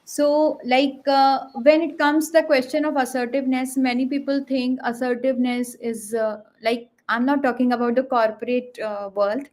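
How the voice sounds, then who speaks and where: Woman, high voice, panel guest, explanatory, fillers, demonstrates intonation. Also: steady tone, moderate pace, hardly any pauses, darkish tone. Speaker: communication trainer guest.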